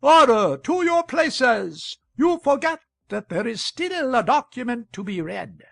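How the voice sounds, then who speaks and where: A man reading an audiobook, voicing a meeting chairman who calls loudly and sharply for order. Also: extremely high pitch, very animated, unhurried, gravelly, dry recording, pitched above the performer's own voice, exaggerated voice. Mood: commanding. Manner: commanding, loud, calling for order.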